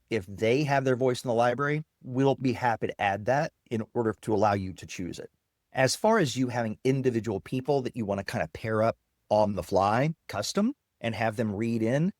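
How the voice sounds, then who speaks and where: A man guest, a software founder, explaining his product while demonstrating it on screen in a casual interview. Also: lowish voice, no echo, studio quality.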